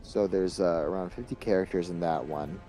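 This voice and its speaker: A man's voice: sits low, brisk, mellow. A tired man chatting while gaming, hesitant, with lots of ums and uhs. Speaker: co-player. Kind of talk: casual gaming chat. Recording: faint game music behind.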